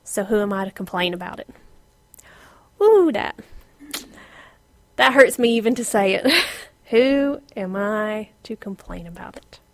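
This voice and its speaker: A middle-aged woman gives an informal Bible lesson with a lively, expressive delivery. She laughs often and sinks into a whisper to stress a point. Her voice sounds dry and close, with a mid-range pitch. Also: unhurried, long pauses, no echo. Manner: animated, laughs often, drops to a whisper for emphasis. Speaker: Bible teacher.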